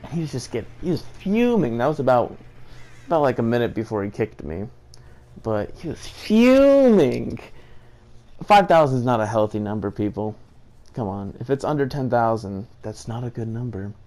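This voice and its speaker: A man's voice: medium pitch, brisk, a little mellow. Rambling indignant man ranting about gaming. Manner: rambling, indignant, often laughing. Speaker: gaming video creator. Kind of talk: casual rant to camera.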